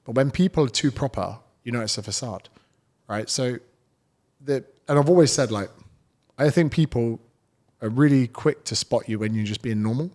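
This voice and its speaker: A fitness coach chats with a host in a relaxed podcast conversation, telling stories bluntly and with plenty of swearing. His voice sits at an ordinary male pitch, and he talks at normal speed.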